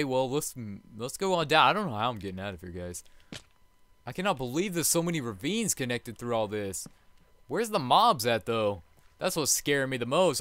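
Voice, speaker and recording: A man hosting a let's play, chatty and jokey, swinging from hushed murmurs to loud excited outbursts. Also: mid-range voice, no room sound. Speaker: gaming channel host.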